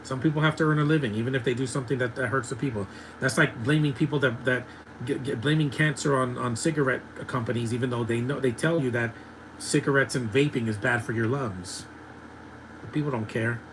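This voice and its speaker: A man's voice: mid-range voice, brisk, background noise. Ranting man in his thirties. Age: 30s. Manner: ranting, opinionated, laughs often. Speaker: movie commentary host. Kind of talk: live movie watch-along commentary.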